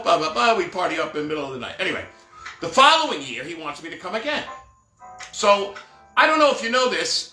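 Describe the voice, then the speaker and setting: A man's voice: high voice, sharp tone. A middle-aged man who works as a professional Santa, telling stories in a casual, rambling monologue with jokey asides and acted-out dialogue. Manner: acts out quoted dialogue. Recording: roomy echo with faint music.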